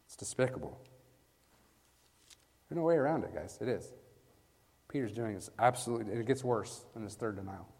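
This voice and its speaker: A man's voice: medium pitch, expressive, fairly quick, long pauses. Emphatic male preacher in a reverberant hall. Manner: emphatic, asks the listeners "right?"; swings from hushed lines to loud stressed bursts. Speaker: preacher teaching a Bible passage. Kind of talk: sermon. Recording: long reverb from a large hall.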